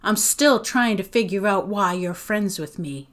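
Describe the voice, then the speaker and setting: A woman doing a gruff, sullen teenage girl. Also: mid-range voice, expressive, measured pace, a bit bright. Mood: grumpy. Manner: gruff, blunt.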